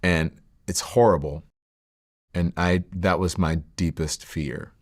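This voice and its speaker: A middle-aged man telling his life story in a sit-down interview, reflective and halting, with many fillers and restarts. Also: deep voice, steady tone. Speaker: interview guest.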